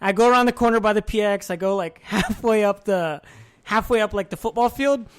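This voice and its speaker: A young man appears as a podcast guest, telling a barracks story in casual, profane conversation. His voice is high-pitched, clear and resonant, moving a little fast, and he laughs often while acting out what people said.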